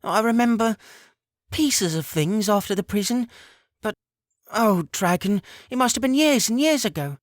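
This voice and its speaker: A woman's voice: mid-range voice, lively intonation, normal speed, no echo, clean studio sound, voice pushed up, close to an everyday voice. A man voicing a frail, tender older mother who has just been healed, speaking with breathless wonder in a storybook reading. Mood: warm.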